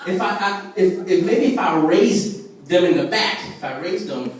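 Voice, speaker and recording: A man's voice: sits high, animated, moderate pace, a little hiss or hum. A man doing a stand-up set at an open mic, telling a rambling story loosely with lots of fillers and acted-out voices. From Puerto Rican family in the US. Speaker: stand-up comedian. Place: open mic at a restaurant stage. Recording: very echoey room, voice far from camera.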